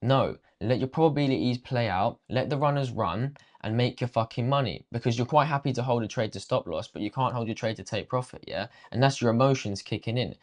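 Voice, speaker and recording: A man's voice: mid-range voice, a little fast, few pauses. A young man, a trading coach giving a blunt, swear-filled motivational rant and ending lines with "bruv" and "yeah".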